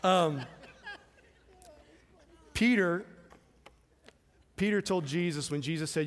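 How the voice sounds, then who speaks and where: A man preaching with fervor, his voice rising loud and then dropping to a hush. His tone sits a little high for a man. A long reverb trails each phrase through the hall. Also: slow, pauses often. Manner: impassioned preaching that swings from loud to hushed. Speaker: pastor. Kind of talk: sermon.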